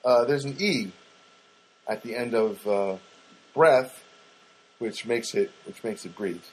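A man's voice: on the low side, unhurried, husky, rough recording. A man hosting a podcast, telling a rambling casual story with many fillers and restarts, talking straight to his listeners. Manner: chatty, addresses listeners directly. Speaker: podcast host.

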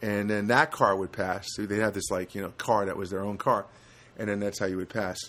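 A man's voice: on the low side, fairly even intonation, brisk, a bit bright. Rambling middle-aged male comedian. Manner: rambling, many fillers and restarts. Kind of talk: casual storytelling chat.

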